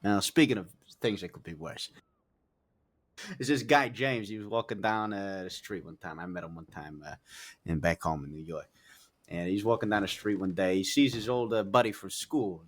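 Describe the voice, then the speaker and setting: A man's voice: deep voice, a little fast. A man telling long, rambling jokes in character during a roleplay, full of fillers and restarts, swearing casually.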